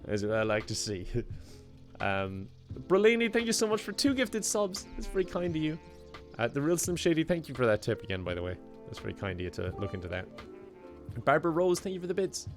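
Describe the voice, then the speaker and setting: A young Irish man chatting casually on a live game stream, reading out and thanking chat messages in a relaxed way and laughing often. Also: a little high, a little fast, soft background music.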